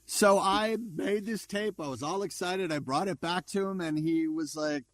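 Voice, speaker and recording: A man's voice: high-pitched, normal speed, a bit bright. A man in his fifties, a voice actor guest, telling stories in a casual chat and acting out other people's lines as he goes. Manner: chatty, acts out others' lines as he recounts. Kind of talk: casual storytelling interview.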